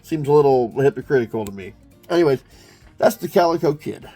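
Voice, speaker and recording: A man's voice: medium pitch, animated, a little fast, mellow, faint music behind. A man reviewing an old comic book, reading the captions aloud and adding chatty, joking asides. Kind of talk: casual commentary while reading a comic.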